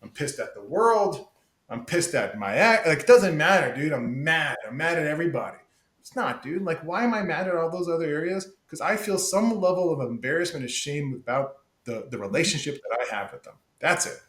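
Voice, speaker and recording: A man's voice: fairly high pitch, lively intonation, brisk, fairly bright tone, roomy sound, low-quality recording. A man talking candidly as a podcast guest, emphatic and profane, calling the host "dude" often. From United States. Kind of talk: casual candid conversation.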